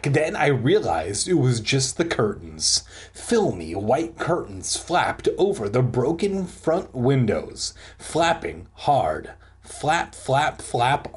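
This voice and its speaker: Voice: mid-range voice, darkish tone. A reader casually reading a spooky book aloud, adding jokey, irreverent asides.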